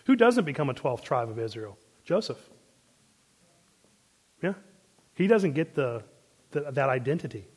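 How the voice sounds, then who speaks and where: A man's voice: medium pitch, sing-song, unhurried, long pauses, a little mellow, breathy edge, in a large hall. A man teaching a casual Bible class, chatty, with fillers and asides, answering questions from the room. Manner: conversational, with many fillers and pop-culture asides.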